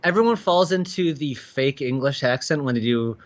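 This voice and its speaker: A man with a Chicago accent joking loudly and swearing in casual livestream chat. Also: medium pitch, expressive, normal speed, dull audio. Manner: loud, profane, joking.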